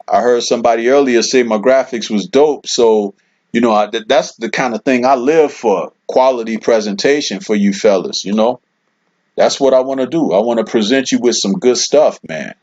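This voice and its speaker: A relaxed man talking straight to his stream viewers, easygoing and conversational, his mid-range voice steady and unforced. The audio is a bit dull and lo-fi, like a home streaming setup. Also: mid-range voice, moderate pace. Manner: laid-back, chatty, lots of "man" and "you know". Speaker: livestream host. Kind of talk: casual livestream chat, reading out viewer comments.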